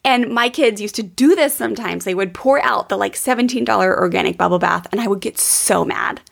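With a creaky, medium-pitched voice and a fairly quick pace, a podcast host in her thirties shares personal stories. She speaks earnestly and from the heart, using many fillers throughout the monologue.

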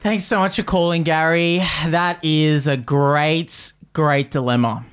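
A man's voice: a little high, fairly even intonation, unhurried, smooth. A man with an Australian accent co-hosting a comedy podcast with dry, teasing banter. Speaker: podcast co-host. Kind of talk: casual comedy chat.

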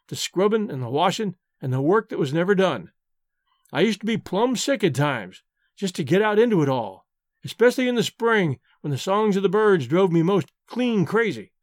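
A man's voice: sits high, no room sound, clean studio sound. A man reading the folksy, wistful lines of a frontier-born woman who leads a tribe, for an audiobook. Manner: plain folksy frontier speech.

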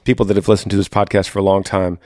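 A man's voice: sits low, level tone, rapid-fire, a little mellow, no room sound, clean studio sound. A man hosting an advice podcast, talking earnestly and directly to a listener, often repeating his words for emphasis. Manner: earnest, repeats phrases, talks straight to listener. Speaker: podcast host.

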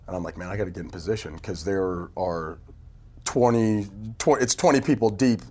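A man telling stories in a casual podcast chat, animated and laughing often, acting out what people said. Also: low-pitched, moderate pace, breathy edge. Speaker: team PR executive telling stories. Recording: phone interview audio.

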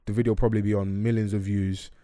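A man's voice: on the low side, no room sound. A young man hosting a podcast, chatting casually with slang and jokes into a close mic. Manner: quick, animated and joking, heavy with slang. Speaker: podcast host.

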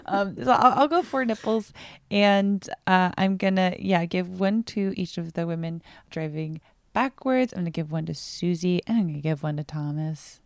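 A woman co-hosting a podcast in casual chat, rambling with lots of fillers and quick asides. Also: fairly low pitch, no echo, clean studio sound. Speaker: podcast co-host.

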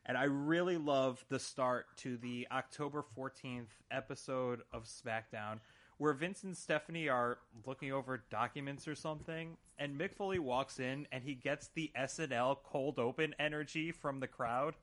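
A man's voice: mid-range voice, moderate pace, fairly bright tone. A man co-hosting a podcast, recapping episodes in casual chat with dry, easygoing storytelling. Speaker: podcast co-host.

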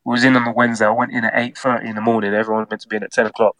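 A man's voice: on the low side, very fast, dry recording. A middle-aged man from England, a former footballer, telling a casual anecdote and acting out the quotes in it. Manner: animated storyteller, acts out quotes.

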